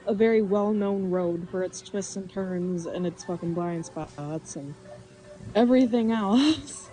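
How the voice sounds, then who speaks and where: A woman's voice: on the high side, mellow, poor audio. A woman chatting casually on a live stream, telling stories, laughing often and reading chat messages aloud.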